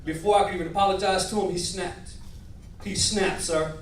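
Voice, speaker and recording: A man doing a stand-up comedy set in a nightclub, animated and working the crowd. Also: sits high, fairly quick, slight background noise. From northern United States. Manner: animated, switching voices, crowd work. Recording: roomy club from far, crowd.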